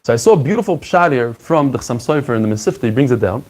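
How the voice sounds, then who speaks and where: A man giving a lively Talmud class, acting out the dialogue and mixing in Hebrew and Aramaic terms. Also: medium pitch, racing. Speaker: Talmud teacher.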